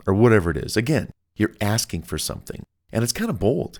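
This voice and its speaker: A man talks through his self-help audiobook in an upbeat, conversational coaching tone. His voice sits fairly low, and he speaks as if chatting straight to the listener. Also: lively intonation, a little fast, hardly any pauses, a little mellow. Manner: conversational, acts out quoted phone calls. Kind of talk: motivational audiobook talk.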